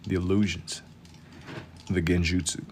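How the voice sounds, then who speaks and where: A man's voice: low-pitched, little pitch movement, measured pace, a little mellow, slight background noise. A young man chatting casually with viewers while drawing on a live stream, laid-back and slangy, keeping his voice down for the late night.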